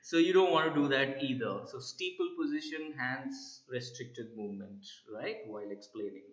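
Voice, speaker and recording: A middle-aged man, a soft skills trainer, gives emphatic interview tips to camera and keeps checking in with "right?". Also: medium pitch, normal speed. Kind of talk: instructional talk to camera. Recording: roomy, slightly dull sound.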